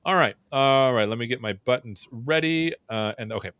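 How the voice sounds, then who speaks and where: A man's voice: mid-range voice, moderate pace, fairly bright tone, clean tone, no room sound, highs cut off. A man hosting a live tech show, chatting playfully and joking with his guest before and during the intro. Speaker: show host. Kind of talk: livestream chat and hosting.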